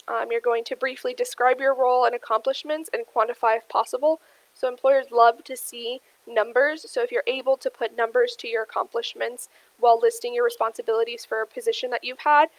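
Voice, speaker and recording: Woman, young adult, instructional talk, slightly high voice, frequent ums, dry recording. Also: no room sound, poor audio. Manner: steady explainer with frequent ums, addresses "you guys". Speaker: career workshop presenter. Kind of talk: instructional presentation.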